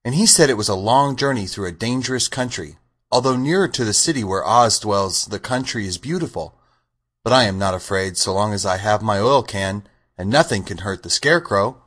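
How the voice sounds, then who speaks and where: Guy reading as a calm tin man, quick and plain, audiobook. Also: lowish voice. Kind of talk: audiobook character voice.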